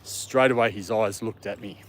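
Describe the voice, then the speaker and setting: A man live-streams while walking his dog in a park, chatting casually and talking to his dog. His voice is on the low side and a bit bright, steady in tone at a moderate pace, with faint outdoor background noise.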